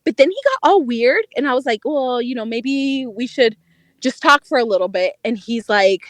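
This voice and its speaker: The podcast's young dating correspondent, a co-host, speaks at normal speed as she chats through a story in a high, lively voice that climbs and falls with each twist. Profane and laughing through her lines, she is recorded close and dry, with no room sound at all.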